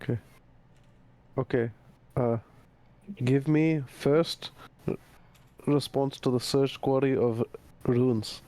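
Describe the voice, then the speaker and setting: A man playing a tabletop game, talking in a halting way and tripping over his words. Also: mid-range voice, steady tone, dark tone. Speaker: player.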